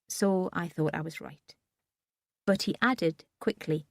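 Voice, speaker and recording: A woman's voice: fairly low pitch, a little slow, no room sound, clean studio sound. A woman reading a first-person audiobook in a subdued, wry manner. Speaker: audiobook narrator.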